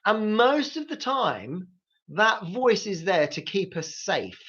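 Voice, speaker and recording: A man's voice: high-pitched, very animated, takes it slowly, fairly bright tone, dull audio. A man hosting a live grief support talk, coaching listeners directly with practical tips. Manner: coaching, speaks straight to listeners.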